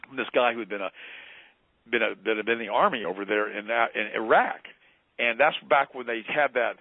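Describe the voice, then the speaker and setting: A man's voice: mid-range voice, no echo. A man talking as a radio show guest, telling stories in a fervent, heated way. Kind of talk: impassioned call-in radio talk. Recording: tinny phone line.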